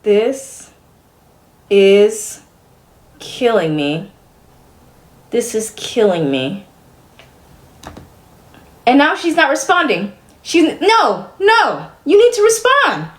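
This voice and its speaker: Streaming live, a young woman complains to her chat in a profane, exasperated way, alternating loud disbelief with tired muttering. She speaks extremely slowly in a fairly high, sing-song voice with long pauses.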